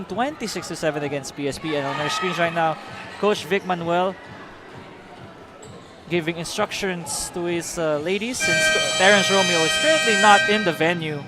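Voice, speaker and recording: A man with a Filipino accent calling a live basketball game play-by-play, switching between English and Filipino. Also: sits high. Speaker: play-by-play commentator.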